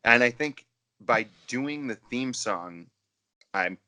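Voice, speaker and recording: Lively, bright-voiced man rambling over drinks. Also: mid-range voice, takes it slowly. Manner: animated, rambling, with many fillers and restarts. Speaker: podcast co-host. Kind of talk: casual chat over drinks.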